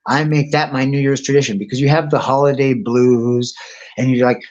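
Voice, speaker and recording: Speaking a little fast in a medium-pitched voice, a man hosts a live stream from home and the outdoors close by, and the recording is muffled. He tells crude, profane, wandering stories in an animated, casual way.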